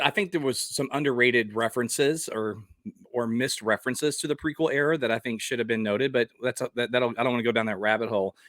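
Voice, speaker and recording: Blunt, fired-up man with a bright voice. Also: mid-range voice, dry recording, studio quality. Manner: blunt and passionate, with rhetorical questions. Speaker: vlogger. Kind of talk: casual opinion vlog.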